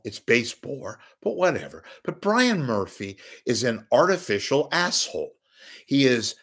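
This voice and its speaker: This middle-aged Bay Area podcast host has a lowish, slightly bright voice. His show features a profane, scornful rant picking apart the media.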